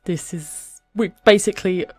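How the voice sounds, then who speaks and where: A woman's voice: on the low side, moderate pace, slightly rough, faint music behind. A woman hosting a let's play, chatting through the game and gasping and giggling at the drama. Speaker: gaming channel host. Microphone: desktop USB microphone.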